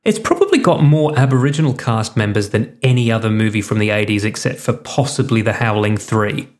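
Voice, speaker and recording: A man's voice: lowish voice, lively intonation, fairly quick, darkish tone. A man co-hosting a casual podcast, dropping dry, wry asides. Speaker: podcast co-host. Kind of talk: casual chat.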